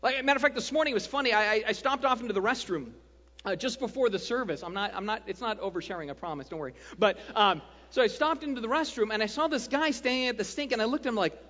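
A man preaching a sermon as pastor, animated and joking, often checking in with the congregation. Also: high-pitched, quick pace. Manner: animated, joking, keeps asking "right?". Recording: dull lo-fi sound, long hall reverb.

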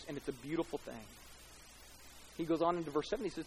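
Preaching man with a high voice. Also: expressive, a little hiss or hum, low-quality recording. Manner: rises in pitch and loudness for emphasis, slows on key words. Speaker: pastor. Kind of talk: sermon.

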